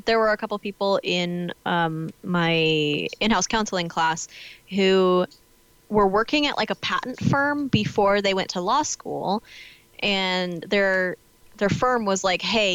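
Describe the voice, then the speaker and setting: A woman's voice: mid-range voice, measured pace, a bit bright, smooth, no echo, low-quality recording. A woman in her twenties, a law student, chatting casually with many fillers and frequent laughs. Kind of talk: casual chat.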